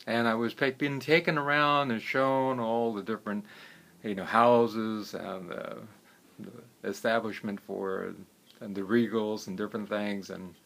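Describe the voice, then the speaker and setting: Man telling stories in a low voice. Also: fairly even intonation, a little slow, creaky, a bit bright. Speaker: herbalist. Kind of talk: casual storytelling.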